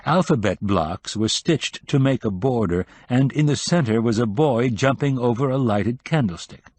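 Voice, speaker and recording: A man reading an audiobook in a measured, even scripted narration. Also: medium pitch, no room sound.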